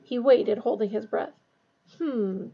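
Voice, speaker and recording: Woman narrator reading aloud, higher pitch, gravelly, husky, dull lo-fi recording. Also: fairly quick. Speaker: reader.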